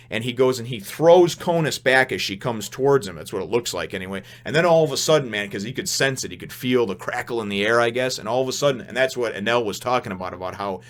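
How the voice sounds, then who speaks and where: Rambling, animated young man reviewing manga. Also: mid-range voice. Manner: rambling, animated, many fillers and restarts, laughs often. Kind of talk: casual spoken review.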